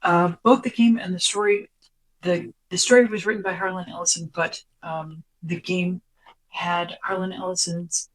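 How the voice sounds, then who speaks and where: Animated podcast co-host summarizing from notes. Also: mid-range voice, normal speed, poor audio. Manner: chatty and animated, drops into whispers for quotes. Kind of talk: casual chat, summarizing from notes.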